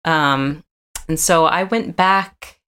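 A woman from Atlanta with a low, dusky voice, in her thirties. She talks as a podcast guest in easy, chatty conversation. She laughs often and her tone lifts when something amuses her. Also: takes it slowly, bright, forceful tone, clean tone. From Atlanta, Georgia, US. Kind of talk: casual conversation.

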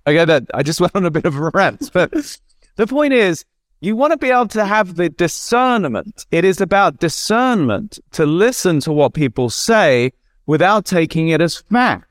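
Blunt, animated man with a higher voice. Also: moderate pace, dry recording, studio quality. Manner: animated, ranting, blunt with casual swearing. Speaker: guest, mindset coach. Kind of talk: casual conversational interview.

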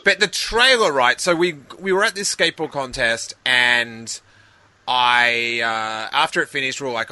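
A man co-hosting a podcast, telling rambling, animated stories in casual chat with many restarts. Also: medium pitch, moderate pace, dry recording. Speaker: podcast co-host.

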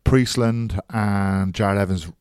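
A man co-hosting a casual sports podcast, breaking down a match in a measured, matter-of-fact way with some dry teasing. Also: on the low side, fairly even intonation, a little mellow, clear, resonant tone, dry recording. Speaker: podcast co-host, rugby pundit.

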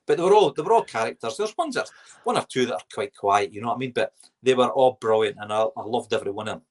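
A man's voice: medium pitch, fast. Giggly Scottish man telling stories. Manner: giggly, animated anecdotes with put-on voices. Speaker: podcast guest, former footballer. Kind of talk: casual storytelling interview.

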